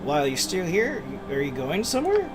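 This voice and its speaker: A man's voice: sits high, huge pitch swings, brisk, noisy background, pitched above the performer's own voice. A man reading the lines of a polite adventurer who leads a party, in a near-natural voice.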